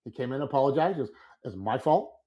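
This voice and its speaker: A man in casual podcast chat, a school librarian telling an animated story and acting out his own reactions. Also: medium pitch, fast, muffled recording.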